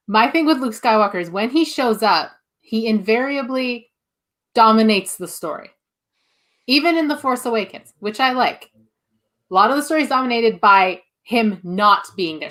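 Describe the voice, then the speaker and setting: Wry woman co-host, somewhat high. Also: lively intonation, normal speed, fairly bright tone. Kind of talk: casual chat.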